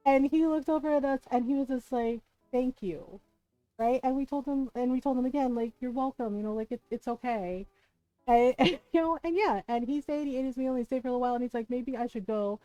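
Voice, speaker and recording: A woman's voice: high voice, a little fast, no echo, muffled recording. A woman streamer telling a long story in casual chat, acting out the people in it and laughing often. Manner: animated anecdote, acts out quoted voices, laughs often. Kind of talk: casual storytelling while gaming.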